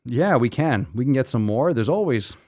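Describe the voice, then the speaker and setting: A man hosting a casual live podcast, loud, joking and full of profanity. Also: medium pitch, lively intonation, moderate pace. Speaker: podcast host.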